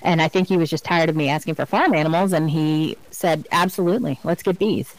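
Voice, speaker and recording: A woman co-hosting a podcast, chatting casually and telling animated, funny stories. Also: sits low, a little fast, poor audio. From Virginia, US. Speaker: podcast co-host. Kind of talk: casual chat.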